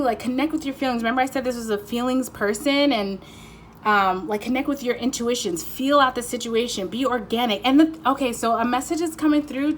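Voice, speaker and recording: A woman giving a casual pick-a-card tarot reading. She talks in an excited, giddy, rambling way and swears freely. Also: on the high side, slight background noise.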